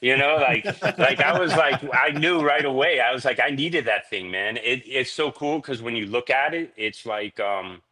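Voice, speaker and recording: A man's voice: medium pitch, moderate pace, hardly any pauses, pushed and bright. A man guesting on a podcast, telling stories in a laid-back, rambling way, dropping "man" and "dude" constantly. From Florida. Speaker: reptile breeder, podcast guest. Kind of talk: casual storytelling chat.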